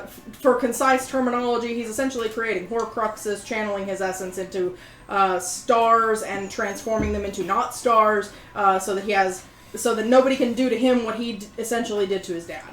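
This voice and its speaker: A woman's voice: on the high side, fairly bright tone. Bubbly woman game master, echoey. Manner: bubbly, giggly, lots of fillers and restarts. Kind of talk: running a tabletop game on a livestream.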